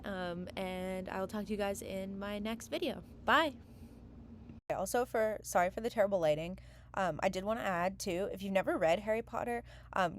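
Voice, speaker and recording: Book vlogger lady rambling to her camera in her bedroom, lots of ums and likes, kinda low voice. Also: slight background noise. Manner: chatty, many "um" and "like" fillers. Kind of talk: casual chat to camera. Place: small windowless bedroom.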